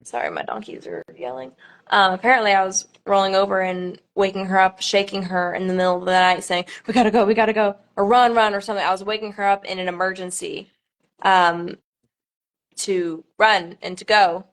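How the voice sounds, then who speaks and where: A woman's voice: mid-range voice, little pitch movement, moderate pace, fairly bright tone. A young woman, a pageant contestant, chatting on a live stream with nervous laughter and many fillers.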